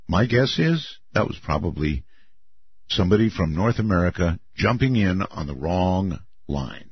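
Low, husky older radio host. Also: male voice, no echo. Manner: musing, drawn-out, lively pitch swings. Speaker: radio talk show host. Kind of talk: late-night call-in radio. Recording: muffled dry radio broadcast.

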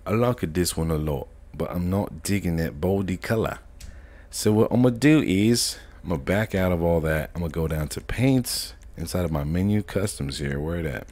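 A man streaming a casual live modding tutorial, chatting in relaxed slang and thinking aloud as he goes, often correcting himself. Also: low-pitched, husky. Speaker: gaming streamer.

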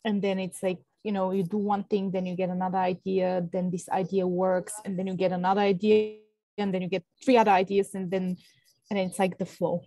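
Mellow-voiced woman, dry sound. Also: medium pitch, little pitch movement, fairly quick, no room sound, low-quality recording. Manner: enthusiastic, stringing ideas together. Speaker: seminar participant. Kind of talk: casual group discussion.

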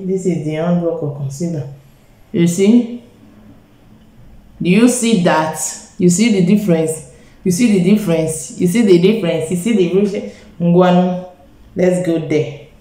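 This live makeup tutorial comes from a woman with a Nigerian accent who addresses her audience directly and slips Pidgin into her English. She has a fairly low, darkish voice, heard in a roomy space with poor audio.

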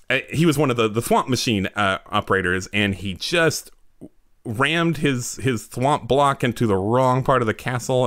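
Low-voiced man narrating a tabletop game. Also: a bit bright, no echo, clean studio sound. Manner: hesitant, filler-heavy narration. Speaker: game master.

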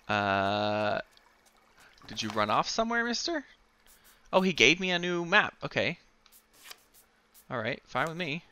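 A man giving excited, giggly let's play commentary while thinking aloud through a puzzle game. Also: on the high side, takes it slowly, pauses often. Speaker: gamer playing a video game.

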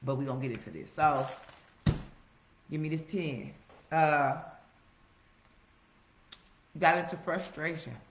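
A woman giving a casual, profane motivational monologue, preaching with loud emphatic outbursts. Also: low voice, slow pace, pauses often, slight background noise. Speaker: motivational vlogger. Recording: roomy, slightly muffled recording.

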